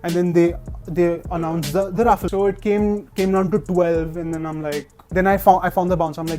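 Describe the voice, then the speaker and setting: High-voiced young man telling a story. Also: a little fast, soft background music. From India. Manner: animated, acts out quotes, many filler "like"s. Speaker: sneaker collector. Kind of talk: casual storytelling.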